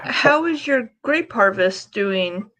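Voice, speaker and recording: A woman's voice: mid-range voice, expressive, slow, fairly bright tone. A woman playing her character in a tabletop game, polite and hesitant, stumbling over words. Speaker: player.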